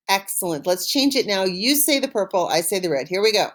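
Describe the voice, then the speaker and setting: A woman teaching an online French lesson, saying words slowly and clearly for pupils to repeat and praising them warmly. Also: medium pitch, expressive. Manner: encouraging, upbeat praise. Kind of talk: recorded online language lesson.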